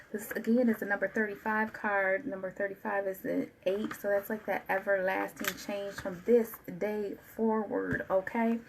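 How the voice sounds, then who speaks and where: A woman giving a channeled tarot reading, talking in an animated, colloquial way and repeating phrases in a preaching rhythm. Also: medium pitch, moderate pace, gravelly, hardly any pauses, a little hiss or hum, poor audio. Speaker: tarot reader.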